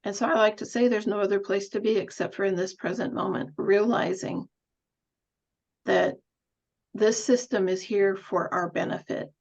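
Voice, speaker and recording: A woman's voice: mid-range voice, steady tone, normal speed, a little mellow, muffled recording. Woman giving a reflective coaching talk. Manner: thoughtful, laughs lightly, musing. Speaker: nurse coach presenter.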